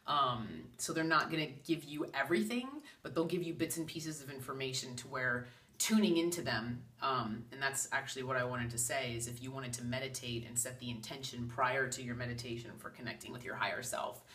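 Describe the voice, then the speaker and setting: A woman's voice: very deep voice, a bit bright, recorded from a distance. A woman, a psychic medium, giving a casual, chatty spiritual talk and acting out quoted voices.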